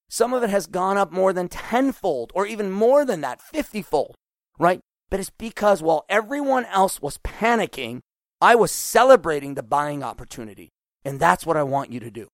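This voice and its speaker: A middle-aged man hosting a podcast, talking casually and acting out quoted voices with lively swings. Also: a little high, brisk, dry recording, clean studio sound. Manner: animated, acts out quoted voices. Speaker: podcast host.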